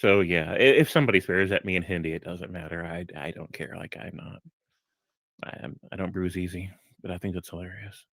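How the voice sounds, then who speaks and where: In a brisk, dry recording, a man appears as a guest on a live discussion stream and tells a funny anecdote. He is an animated storyteller who laughs often and lifts his voice higher whenever he quotes someone.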